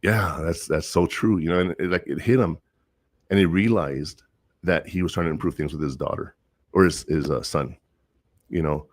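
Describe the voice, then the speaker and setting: Low-voiced man telling earnest stories. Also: normal speed, long pauses, dry recording, studio quality. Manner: rambling, earnest storytelling with many fillers. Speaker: teacher and counselor. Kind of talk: casual monologue.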